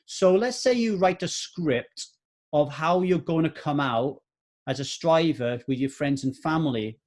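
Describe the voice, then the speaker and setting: A man's voice: a little high, a little mellow. A man in his forties hosting a solo motivational podcast, earnest and repeating points for emphasis. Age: 40s. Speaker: podcast host.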